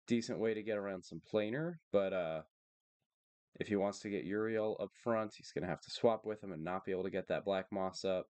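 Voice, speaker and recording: Low, dry-voiced monotone male streamer. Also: dry recording. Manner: steady and matter-of-fact, thinking aloud about plays. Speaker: streamer and tournament player. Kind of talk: live card game commentary.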